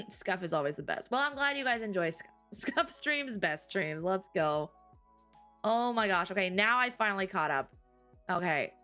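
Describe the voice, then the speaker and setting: A woman co-hosting a live stream, chatting casually, tired after a cry, with frequent giggles and drawn-out exclamations. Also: medium pitch, lively intonation, pushed and bright, soft background music. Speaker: streamer co-host.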